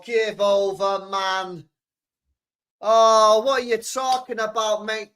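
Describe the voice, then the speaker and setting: A man's voice: high-pitched, little pitch movement, slow, fairly bright tone, clean tone. A young man chatting casually on a football stream, exasperated, swearing often and laughing.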